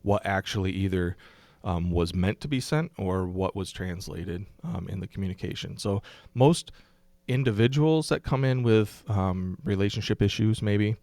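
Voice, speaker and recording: Low-voiced man, thoughtful pastor guest. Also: animated, normal speed, hardly any pauses, a little mellow, no room sound. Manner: thoughtful, explanatory, with frequent ums and restarts. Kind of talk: casual podcast conversation.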